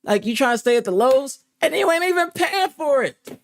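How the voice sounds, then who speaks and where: A man's voice: very high-pitched, very animated, normal speed, creaky. A man hosting a live stream in casual chat, ranting in disbelief and swearing freely. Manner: incredulous, ranting, heavy swearing. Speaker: streamer host. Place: home streaming setup.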